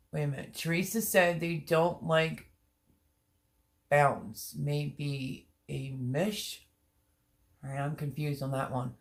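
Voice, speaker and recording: A woman hosting a casual gardening livestream, reading viewer comments aloud, her voice strained from laughing and crying. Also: low-pitched. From Pennsylvania. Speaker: livestream host.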